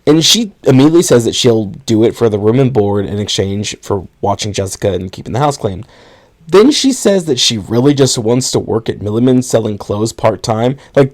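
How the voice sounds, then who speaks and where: A man's voice: mid-range voice, expressive, fairly quick, darkish tone. A man co-hosting a podcast, recapping a film plot in a rambling, casual way, swearing and laughing now and then. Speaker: podcast co-host.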